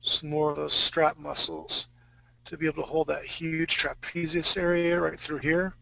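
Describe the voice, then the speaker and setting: A man's voice: a little high, little pitch movement, normal speed, creaky, sharp tone, dry recording, poor audio. A man teaching a live fantasy-art drawing class, talking casually and joking with his students. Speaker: art instructor.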